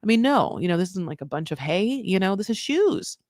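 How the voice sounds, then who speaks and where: A woman's voice: mid-range voice, brisk, no room sound, clean studio sound. Chatty woman recapping reality TV. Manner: chatty, animated, swears, acts out quoted voices. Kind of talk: casual recap commentary.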